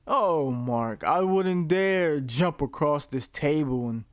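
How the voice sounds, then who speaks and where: A man's voice: on the high side, lively intonation, slow pace, dry recording, studio quality. A man voicing a menacing male cartoon vampire landlord, theatrical and gloating.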